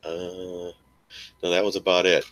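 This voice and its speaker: Deep-voiced man rambling about trades. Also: flat delivery, measured pace, dry recording. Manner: rambling, repeats words, fillers and restarts; mocks frustrated traders in a shrill yelling voice. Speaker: stock trading live streamer. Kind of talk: casual live-stream chat.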